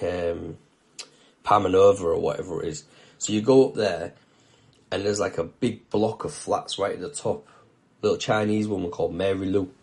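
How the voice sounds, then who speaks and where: A man's voice: low voice, a little mellow. A young man hosting his own show, telling a story in a blunt, casual way, swearing freely and often checking that the listener follows. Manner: blunt, swears a lot, keeps asking "do you know what I mean". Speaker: video show host.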